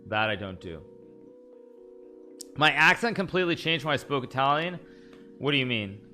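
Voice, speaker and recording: A man's voice: medium pitch, expressive, moderate pace, bright, forceful tone, faint music behind. A man live-streaming a chess game, thinking aloud about his moves and chatting with viewers in a rambling way. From United States.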